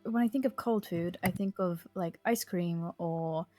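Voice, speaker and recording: A woman's voice: lowish voice, a little slow, warm tone, natural voice. A woman voicing Lark, a fussy adventurer who rambles off on tangents, in a tabletop role-play. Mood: rambling. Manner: rambling, digressive.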